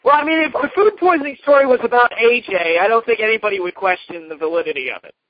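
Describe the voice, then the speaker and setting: A man with a very high voice hosts a wrestling podcast in a chatty, agreeable way. The recording is muffled and lo-fi, and it is dry and close. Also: expressive, quick pace, no echo. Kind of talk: casual wrestling talk show chat.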